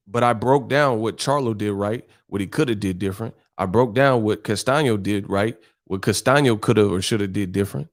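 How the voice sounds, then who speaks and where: A man's voice: lowish voice, fairly quick, hardly any pauses. Blunt, foul-mouthed male streamer. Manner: blunt, combative, heavy cursing. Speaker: boxing streamer host. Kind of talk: casual live-stream rant.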